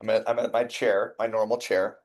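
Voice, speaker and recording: Energetic man coaching a sales team. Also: lowish voice, fairly quick. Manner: energetic, conversational, checks in with listeners. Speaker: sales trainer. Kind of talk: sales training talk with stories.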